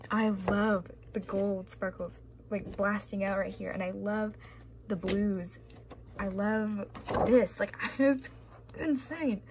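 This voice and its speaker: Young woman vlogger, slow-paced, excitable fan gushing over art, faint hiss behind. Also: medium pitch. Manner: gushing, breathless, gasps and squeals, drops to whispers. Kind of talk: excited unboxing commentary.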